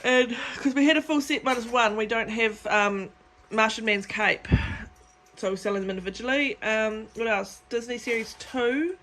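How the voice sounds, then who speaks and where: Chatty woman, slightly high voice. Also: normal speed, a bit bright. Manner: chatty, playful, teasing. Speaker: co-host of a shop vlog. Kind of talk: casual chat. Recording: faint background noise.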